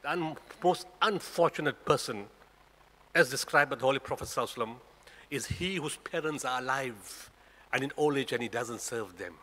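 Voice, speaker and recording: This is a brisk, sharp-toned Friday talk from a guest speaker at a mosque, a South African man in his sixties with a South African accent. Speaking in a mid-range voice, he pushes the congregation with rhetorical questions while the prayer hall echoes around him.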